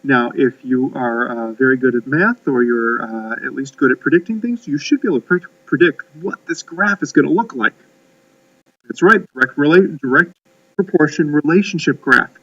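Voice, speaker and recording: Folksy chemistry teacher, lo-fi distant mic. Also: male voice, mid-range voice, normal speed, fairly bright tone. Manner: folksy, rambling, many "uh"s and restarts. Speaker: high school chemistry teacher. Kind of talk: recorded classroom lecture.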